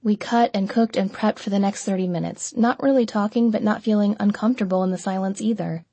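A woman narrating an audiobook in the first person, with an even, measured reading and close miking. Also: medium pitch, husky, no echo.

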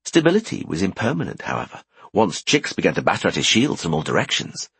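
Male audiobook narrator, low and breathy, very lively delivery. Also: fast, no room sound. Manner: expressive, animated. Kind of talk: scripted fantasy narration.

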